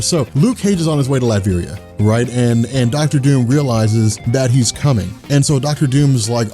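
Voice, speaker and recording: A man's voice: mid-range voice, moderate pace, hardly any pauses, warm tone, faint music behind. A man hosting a casual chat, rambling through a story and laughing often. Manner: laughing, rambling retelling of a comic plot. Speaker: host.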